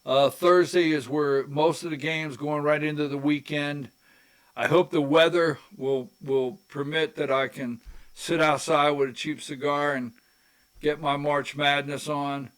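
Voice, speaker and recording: Slow, rambling folksy man hosting. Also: fairly high pitch, fairly even intonation, fairly bright tone, smooth. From rural Georgia. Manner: rambling, folksy, repeats phrases. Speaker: political talk show host. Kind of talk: casual commentary monologue.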